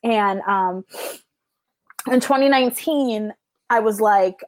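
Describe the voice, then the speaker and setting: A woman in her thirties, a podcast guest telling stories in a chatty way, full of "like" and jumping high when she laughs. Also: slow, no room sound. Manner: chatty, says "like" a lot, jumps to high squeals when laughing. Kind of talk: casual storytelling chat.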